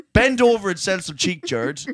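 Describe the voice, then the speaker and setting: A man co-hosting a podcast, telling jokes in a mock-serious, swearing, animated way. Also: high voice, a little slow. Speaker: podcast co-host. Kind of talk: casual comedic chat.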